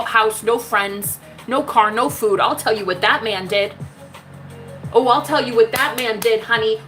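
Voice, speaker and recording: Over background music, a woman with a mid-range, fairly bright voice gives a fervent spiritual love reading, emphatic and sassy, cursing freely and addressing the listener as "honey." The audio quality is rough.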